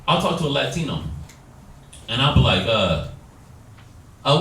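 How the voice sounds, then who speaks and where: A man's voice: mid-range voice, big pitch swings, measured pace, long pauses, fairly bright tone. A man teaching a Bible study class, exhorting his listeners and acting out quoted dialogue. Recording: echoey room, distant mic, faint noise.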